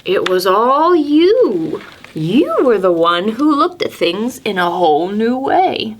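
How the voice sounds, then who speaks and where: A woman voicing a wise old male owl in a storybook reading, low and gentle. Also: big pitch swings, slow, slight background noise.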